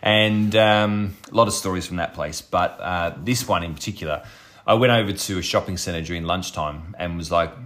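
A man's voice: sits low, moderate pace, fairly bright tone. A man, a podcast host casually telling a story, swearing and laughing as he goes. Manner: swears freely, laughs at his own stories.

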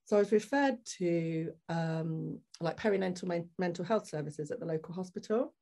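A woman's voice: fairly low pitch, normal speed. A woman guest on a podcast, telling a personal story candidly and acting out the people in it. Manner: animated, acts out the people in her story.

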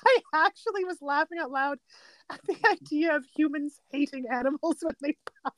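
Woman podcast co-host, high voice, dry close sound, animated casual chat. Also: fairly quick, dry recording, low-quality recording. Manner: animated, quotes movie lines in playful voices.

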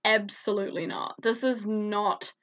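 A woman's voice: medium pitch, fairly even intonation, measured pace, a bit bright. A woman co-hosting a podcast, chatting casually, giggling often and swearing freely. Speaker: podcast co-host. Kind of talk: casual chat.

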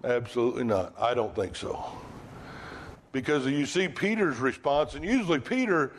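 A man's voice: medium pitch, expressive, moderate pace, slight background noise. A male preacher delivering a sermon in a conversational way, asking the congregation rhetorical questions.

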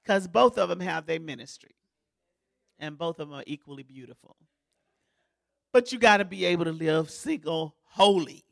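A woman's voice: fairly low pitch, animated, moderate pace, gravelly, long pauses. A woman pastor giving a sermon in a folksy, joking, conversational way, as if in a church.

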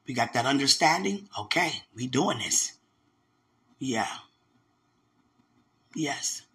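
A woman's voice: extremely low pitch, expressive, slow, long pauses, fairly bright tone. A woman giving a casual spoken testimony as a church member, telling stories animatedly and turning to the listener with preachy asides.

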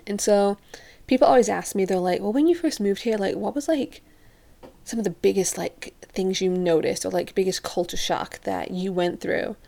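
A woman's voice: mid-range voice, moderate pace, gravelly, mellow. A young woman from Europe telling a casual story to the camera, chatty and leaning on "like" constantly, acting out what others said. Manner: chatty, says "like" constantly, acts out quotes. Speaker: vlogger.

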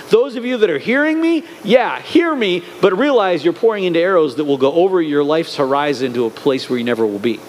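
Male pastor, sermon delivery, earnest and emphatic, high-ish voice. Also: slight background noise. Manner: earnest, preacherly, swings between emphatic and hushed.

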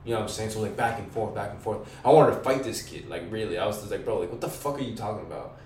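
A young man with a lowish voice tells a rambling, profane story in thick slang, voicing what he and others said. He sits some way from the mic in an echoey room, with a faint hiss underneath. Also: racing, darkish tone. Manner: slangy, profane, acts out his own quotes. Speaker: podcast guest. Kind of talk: casual storytelling. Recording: roomy, distant mic, faint noise.

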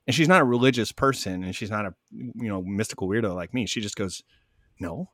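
A man calmly telling stories in an interview, acting out both sides of each conversation. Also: on the low side, fast talker, no echo, clean studio sound. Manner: animated, acts out both sides of dialogue. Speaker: guest, spiritual medium. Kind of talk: conversational storytelling.

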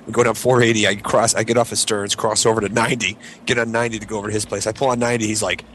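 On a podcast, a male co-host tells a long, casual story at a racing pace, animatedly voicing his friends' quoted lines in high voices. A little hiss or hum sits under the recording.

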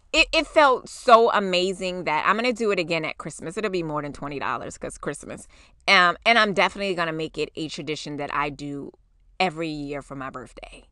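A woman in her forties hosting a podcast, telling a personal story in a casual, animated way, acting out quotes and swearing freely. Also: mid-range voice, a little fast, no echo, clean studio sound. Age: 40s. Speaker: podcast host.

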